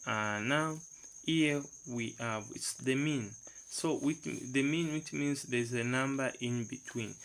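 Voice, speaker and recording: Slow, gravelly man teaching math. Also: medium pitch, fairly bright tone, poor audio. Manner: slow, repeats numbers aloud, asks the class rhetorical questions. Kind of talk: step-by-step lesson.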